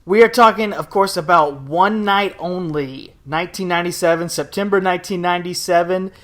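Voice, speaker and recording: Brief: young man, casual podcast host, playful, talkative, slightly high-pitched. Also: fairly quick, a bit bright. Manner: jokey, chatty, plenty of fillers.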